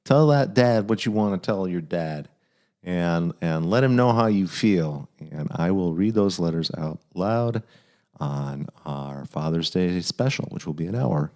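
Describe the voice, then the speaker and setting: A man hosting a dad-advice podcast, chatting casually in a halting, self-deprecating way and telling dad jokes. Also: deep voice, lively intonation, darkish tone. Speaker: podcast host giving fatherly advice. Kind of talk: casual chat.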